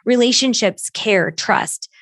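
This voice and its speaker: A middle-aged woman, a podcast guest, talking bluntly and emphatically, with quick asides and acted-out quotes. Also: on the high side, fairly bright tone, dry recording, clean studio sound. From United States. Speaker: podcast guest, crisis consultant. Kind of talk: candid conversational interview.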